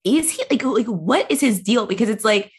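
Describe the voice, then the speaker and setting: A woman's voice: a little high, animated, moderate pace. A woman co-hosting a podcast, chatting casually about a movie, swearing freely and laughing often. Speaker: podcast co-host.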